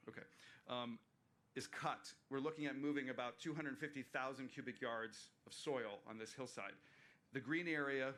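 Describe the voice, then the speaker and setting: A man's voice: mid-range voice, pushed and bright, slight background noise. A man presenting plans at a community meeting, earnest and explanatory, with fillers and restarts. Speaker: park planner presenting. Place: waterfront venue, livestreamed meeting.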